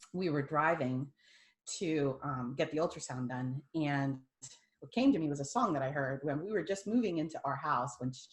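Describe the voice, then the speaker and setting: A middle-aged woman, a former nurse, tells an emotional personal story. She laughs through tears and quotes the people in it as dialogue. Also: deep voice. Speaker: guest sharing a personal testimony.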